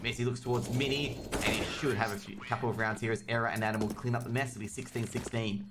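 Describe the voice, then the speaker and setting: An Australian esports caster provides solo live commentary on a video game match, chatty and quick, getting excited on big plays and joking with his chat. His voice is mid-range, and there's a noisy background.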